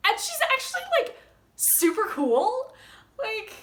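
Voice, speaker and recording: Young woman book vlogger, gushing and rambly. Bright, slightly high voice in an echoey room. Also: huge pitch swings, takes it slowly. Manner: gushing, rambling, with many likes and ums. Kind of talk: casual book chat reading passages aloud.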